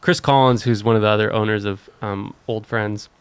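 A man who is a guest on a podcast, talking casually in a relaxed, rambling way with lots of filler words. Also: on the low side, brisk, clean tone, no echo. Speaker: guest, author and skateboarder. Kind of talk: casual interview chat.

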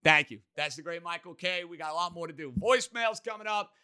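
A man's voice: on the high side, fast talker, clean tone. A man hosting a sports talk show, chatting casually and emphatically about games and guests. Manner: emphatic, energetic.

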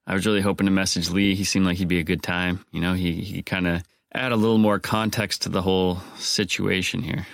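Wry low-voiced man hosting a podcast. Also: level tone, a little fast, gravelly, few pauses, no room sound, clean studio sound. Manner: wry, joking asides. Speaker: podcast host. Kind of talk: casual podcast monologue.

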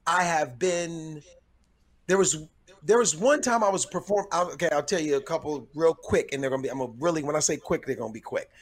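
A middle-aged comedian, a guest on a podcast, who tells stories in a measured way, often restarting as he gathers his thoughts. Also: a little high. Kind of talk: conversational storytelling.

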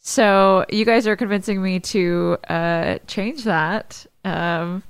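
A woman's voice: medium pitch, slow pace, clean tone, no room sound. A woman who is a mother, chatting casually on a podcast with wry asides. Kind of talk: casual chat.

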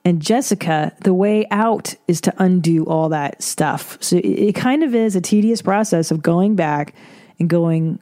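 A woman's voice: lowish voice, measured pace, warm tone. A woman hosting an advice podcast, talking bluntly in a casual monologue, swearing freely and laughing between points. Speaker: podcast host giving advice.

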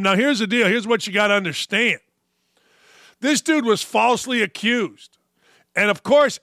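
A man's voice: sits high, dry recording. A man hosting a sports talk show, delivering a brash, mocking monologue of opinionated commentary from a studio. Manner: brash, mocking, animated rants.

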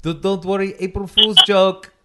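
A man voicing a cheerful foreign male jogger in prison stripes, yelling at passers-by with a Brazilian accent. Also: high-pitched, fairly even intonation, moderate pace, heavy background noise, voice pushed up, close to an everyday voice. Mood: cheery yelling.

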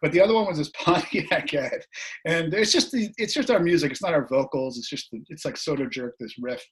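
A middle-aged man, a guest musician, telling anecdotes in a casual, animated way over a video call, his voice a little hoarse. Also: fairly high pitch, fairly quick. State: slightly hoarse. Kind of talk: casual storytelling.

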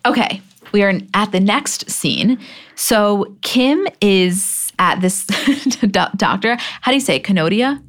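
A woman's voice: mid-range voice, slow pace. A young woman co-hosting a podcast, casually recapping reality TV scenes, swearing freely and quoting lines. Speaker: podcast co-host. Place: live podcast taping.

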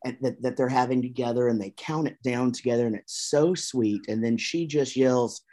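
A man's voice: mid-range voice, steady tone, moderate pace, mellow. A man guesting on a podcast from a room at home over a video call, chatting in a rambling, jokey, profane way. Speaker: guest musician. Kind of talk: casual podcast chat. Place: room with gold records behind him.

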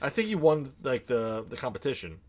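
A man's voice: mid-range voice, sing-song, brisk, a little hiss or hum. A young man co-hosting a podcast in a laid-back casual chat, full of filler words. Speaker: podcast co-host.

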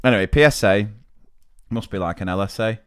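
A man's voice: fairly low pitch, fairly quick, clean tone, dry recording, studio quality. A man, a podcast co-host reading out listener stories in casual chat and giggling.

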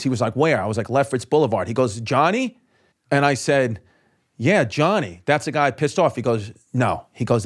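A man, a comedian guest on a podcast, telling a story in quick, profane bursts and acting out the people he quotes. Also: mid-range voice. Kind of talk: animated storytelling.

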